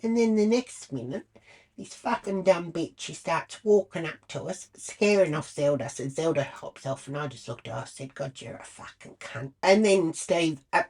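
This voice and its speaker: An Australian woman with a low voice tells a story straight to camera. She is blunt and crude, swearing freely in a casual vlog monologue. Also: expressive, moderate pace, a little mellow. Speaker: vlogger.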